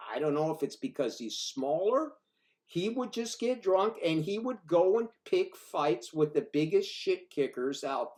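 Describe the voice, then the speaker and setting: Profane, rambling older man telling a story. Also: fairly high pitch. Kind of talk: casual spoken storytelling.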